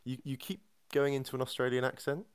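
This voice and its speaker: A man hosts a comedic podcast at an ordinary, middle pitch. He stumbles over his words, repeating himself and filling gaps with "um" as he steers the chat. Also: little pitch movement, fast talker, smooth. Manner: hesitant, stammering restarts. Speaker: podcast host.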